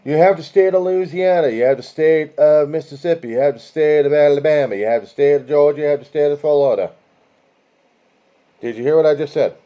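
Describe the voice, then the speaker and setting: A man's voice: a little high, fairly quick, mellow. A man hosting a casual video, talking viewers through a map in a rambling way, with profane asides and chant-like lists of places. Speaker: video host.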